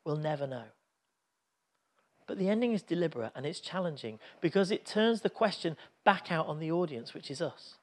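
A man's voice: a little high, animated, normal speed. A man preaching a sermon, telling a Bible story in an earnest, reflective way.

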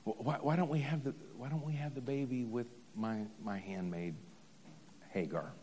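A man's voice: medium pitch, normal speed, dark tone, a little hiss or hum, pitched below the performer's own voice, lightly acted. A man voicing an elderly wife who questions her husband skeptically. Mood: coaxing. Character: doubting elderly wife, old woman.

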